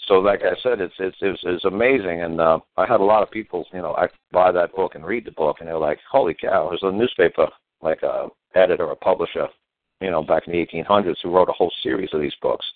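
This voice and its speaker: An older man hosts a radio show, speaking fast in a low-pitched voice. His casual talk is plain, blunt, repetitive and folksy, heard dry over a tinny phone-line sound.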